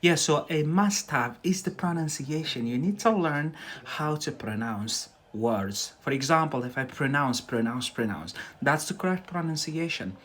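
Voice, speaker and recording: A man's voice: fairly high pitch, lively intonation, moderate pace, a bit bright. Chatty Algerian man teaching English live. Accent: Algerian with some Scottish. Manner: chatty, peppers speech with "yeah?". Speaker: English tutor. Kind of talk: live-stream English lesson.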